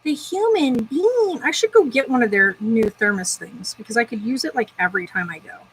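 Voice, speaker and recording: A woman's voice: mid-range voice, expressive, quick pace, fairly bright tone, a little hiss or hum, rough recording. A young woman chatting to herself in a casual vlog, bubbly and talkative. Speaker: vlogger.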